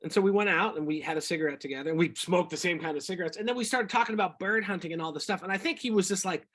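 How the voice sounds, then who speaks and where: A middle-aged singer-songwriter telling rambling, animated stories about his music career in a casual interview. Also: sits high, racing, few pauses. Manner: rambling, animated anecdotes with quoted voices.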